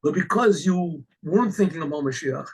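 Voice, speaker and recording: A rabbi telling a story in an animated way, acting out the characters with exclamations. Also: male voice, on the high side, brisk, slightly rough, poor audio. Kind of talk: storytelling talk.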